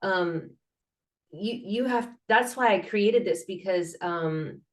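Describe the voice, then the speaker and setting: Woman, interview guest, earnest, rambling, fillers and restarts, animated sound effects, mid-pitched voice. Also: slow. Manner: animated, acts out sounds and laughter. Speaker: guest, mental health advocate. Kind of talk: casual interview talk.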